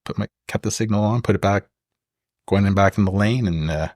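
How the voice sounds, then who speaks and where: A man's voice: fairly low pitch, fairly quick, darkish tone, dry recording, clean studio sound. Easygoing Canadian man co-hosting a podcast. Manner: easygoing, frequent agreeing murmurs. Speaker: podcast co-host. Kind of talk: casual chat. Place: local museum.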